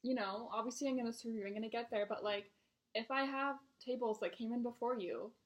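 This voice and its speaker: A young adult woman, a restaurant server, telling casual stories about her customers in a blunt, exasperated way with plenty of swearing. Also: a little high. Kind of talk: casual venting storytime.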